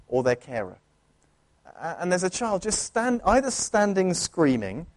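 Speaking in a fairly high, slightly mellow voice, a pastor preaches in church. His manner is earnest and conversational, and he often restarts phrases mid-thought.

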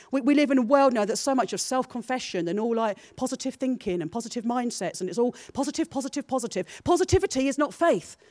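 A woman's voice: sits high, no room sound. A woman preaching a sermon to her church in an earnest, personal way. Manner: earnest, builds from soft confessional to emphatic.

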